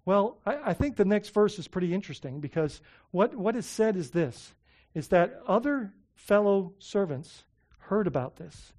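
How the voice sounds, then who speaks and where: A man preaching a sermon as pastor, animated, often repeating himself and asking his listeners rhetorical questions, moving between loud emphasis and soft heartfelt asides. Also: sits high, normal speed.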